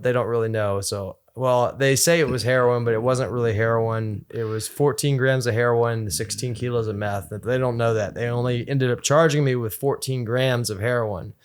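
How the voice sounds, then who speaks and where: Man, podcast guest, rambling storyteller, restarts and fillers, average pitch. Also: smooth. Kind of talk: casual storytelling interview.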